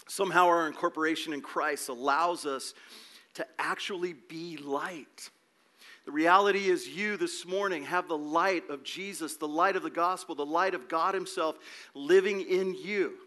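Male preacher, slightly high, bright voice; emphatic sermon delivery with rhetorical questions. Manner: emphatic, asks rhetorical questions, repeats words. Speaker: pastor.

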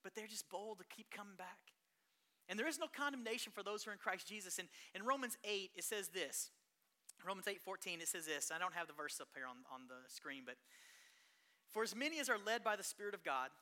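A pastor preaching a sermon, telling stories in an animated way that swings between hushed and loud. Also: mid-range voice, brisk.

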